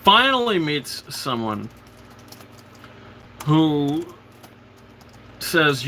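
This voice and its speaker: A man's voice: a little high, animated, unhurried, sharp tone, slight background noise. A man hosting a casual live film commentary, retelling scenes with enthusiasm and stammered restarts. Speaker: host.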